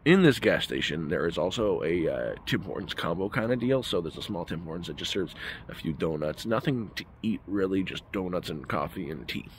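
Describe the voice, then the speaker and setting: A man's voice: deep voice, expressive, brisk, slight background noise. A man telling a story as a casual rant in a vlog, emphatic and heated. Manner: ranting, emphatic. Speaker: vlogger.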